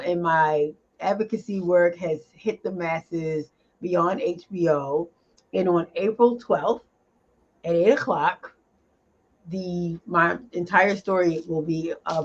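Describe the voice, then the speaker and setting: A woman speaks as an interview guest over a remote video call, animated and laughing often. She pauses on fillers as she gathers her thoughts. The audio is dull and lo-fi. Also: fairly low pitch. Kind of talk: casual interview chat.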